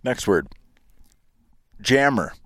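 A man's voice: medium pitch, sing-song, drawn-out words, fairly bright tone, no room sound. A man hosting a podcast in casual chat, joking and laughing often, recorded outdoors near an airstrip. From United States. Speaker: podcast host.

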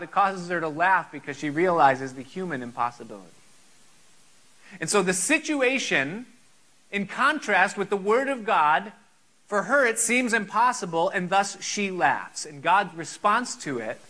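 A man's voice: high voice, pushed and bright, rough recording. A man preaching a sermon, earnest and full of rhetorical questions.

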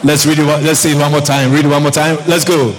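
A man's voice: on the high side, fast talker, crowd noise. Preaching man in a reverberant church. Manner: lively preaching with calls to the congregation; repeats phrases for emphasis. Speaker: pastor. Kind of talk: sermon. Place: church hall. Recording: long hall reverb, faint ambience.

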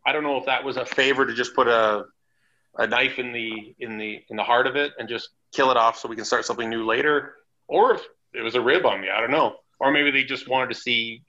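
A man's voice: mid-range voice, brisk. A man, a former wrestler guest, telling blunt, profane stories in a casual chat. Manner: blunt, profane, animated storyteller. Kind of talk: casual storytelling. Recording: dull lo-fi sound.

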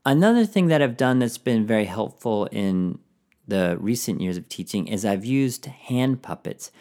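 A male teacher hosts a podcast and explains classroom tips in an encouraging tone. His pitch rises and falls a lot, and he often breaks into short sung phrases. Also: animated, moderate pace, warm tone.

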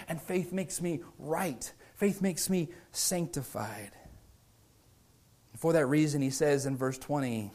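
A man in his thirties preaching a sermon, impassioned, swinging from loud declarations to hushed, quiet lines. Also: fairly high pitch, a little slow. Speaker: pastor.

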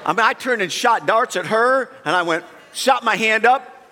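A man preaching a sermon and telling a comic personal story, animated, jumping from shouts to a low, quiet tone. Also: normal speed, slight background noise. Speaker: pastor. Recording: long hall reverb.

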